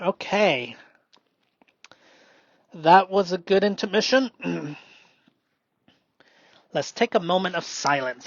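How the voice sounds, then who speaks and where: A man doing a slow, meditative spoken self-reflection, halting and often dropping into a whisper. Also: sits high, animated, no room sound. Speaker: solo performer. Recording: dull lo-fi dry recording.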